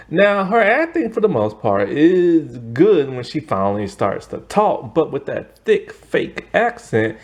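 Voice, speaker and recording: Guy rambling thru a movie review, like, you know, super expressive voice going all over. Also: on the high side. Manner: chatty, rambling, heavy use of "like" and "you know"; emphatic, opinionated. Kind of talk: casual spoken movie review.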